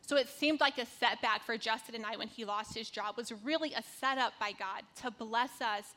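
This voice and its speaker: Telling a personal story with casual fillers, a North Carolina woman in her thirties delivers a devotional talk in a conversational style. She speaks at a moderate pace, her voice on the high side with a sharp tone.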